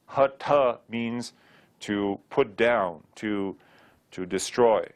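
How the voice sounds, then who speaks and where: A man's voice: medium pitch, unhurried. A man teaching a recorded Sanskrit lesson, patiently drilling sounds aloud with light joking asides.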